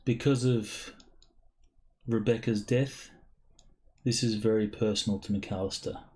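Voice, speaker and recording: A man running an online tabletop game as game master, speaking in a halting way with frequent fillers, over a computer mic on a voice call. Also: on the low side, fairly even intonation, darkish tone, low-quality recording.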